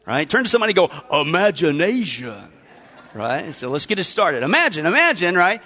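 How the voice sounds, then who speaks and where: A male preacher delivering a sermon in a strikingly high, bright voice. He drives his points home with emphatic, repeated rhetorical questions. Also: very animated, fast.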